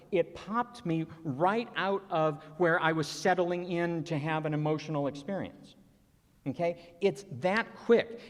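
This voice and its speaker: A man giving a conference presentation, earnest and conversational, telling personal stories with open emotion. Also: medium pitch. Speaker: conference speaker. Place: conference hall. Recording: long reverb of a large hall.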